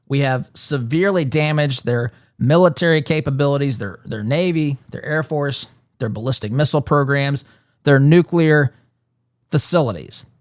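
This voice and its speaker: A man's voice: a little high, no room sound. Emphatic male talk-show host, dry sound. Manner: emphatic, repeats words while building a point. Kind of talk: political commentary monologue.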